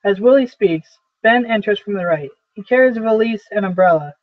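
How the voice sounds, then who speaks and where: A man reads stage directions aloud in a plain, matter-of-fact manner, his voice fairly high for a man. The sound is thin and phone-like, with a dry, close feel. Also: fairly quick, hardly any pauses, dry recording. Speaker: reader of a play.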